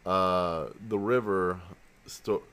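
A man's voice: low voice, fairly even intonation, extremely slow, a bit bright, slight background noise. A man co-hosting a podcast, easygoing, reading notes aloud with fillers. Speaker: podcast co-host. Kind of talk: casual podcast chat.

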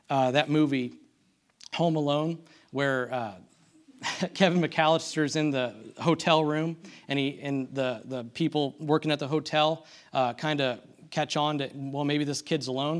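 A man's voice: a little high, fairly bright tone. A man giving a conversational sermon, full of restarts and self-deprecating asides, asking the congregation for amens. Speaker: church speaker.

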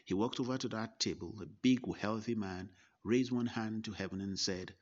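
A man slowly recounting a personal story, first person. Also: fairly low pitch, darkish tone. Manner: slow, deliberate recollection with quoted dialogue. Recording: dull lo-fi recording.

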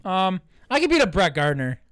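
A young man riffs on sports in casual podcast banter, swearing freely and joking. His voice sits high and swings widely in pitch. The sound is dry and close. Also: moderate pace, no room sound. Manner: profane, jokey, animated. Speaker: podcast co-host.

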